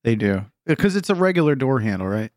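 A man's voice: mid-range voice, very animated, a little fast, darkish tone, dry recording. A man co-hosting a podcast, chatting casually with dry, laid-back quips. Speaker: podcast co-host. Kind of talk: casual chat.

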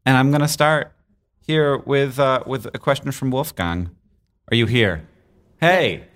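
A man's voice: medium pitch, a bit bright, no room sound. Playful man hosting a live podcast. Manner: playful, joking, quick asides. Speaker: podcast host. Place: stage at a live event.

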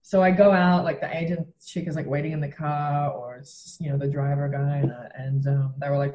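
In a roomy, echoing recording, a young comedian from Western Australia shares a story as a guest in a relaxed chat, acting out quotes and swearing without restraint while staying animated. Her voice is low and a little mellow, with fairly even intonation, and she speaks fairly quickly with few pauses.

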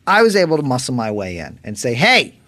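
A man guesting on a comedy podcast, rambling through improvised bits in an animated way. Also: medium pitch, fast talker, no room sound. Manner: animated, rambling, breaks into goofy impressions.

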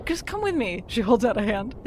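A woman's voice: on the high side, big pitch swings, normal speed, slightly rough. A woman voicing a playful young woman who teases and coaxes. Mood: teasing. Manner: teasing, laughing.

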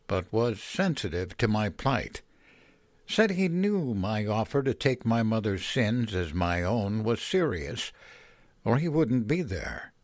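Male horror story narrator with a mid-range voice, slow measured delivery, dry studio sound. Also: medium pitch, no room sound.

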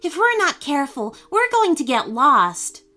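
A woman's voice: high voice, very animated, measured pace, sharp tone, faint music behind, voice pushed up, full character voice. A woman voicing a worried, anxious young girl in a children's storybook, squealing and fretful. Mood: frightened.

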